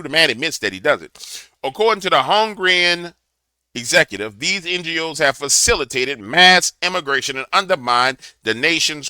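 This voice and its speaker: A man's voice: on the high side, pushed and bright, no room sound. A man giving a preachy political commentary to a camera, telling a fiery story. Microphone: camera mic.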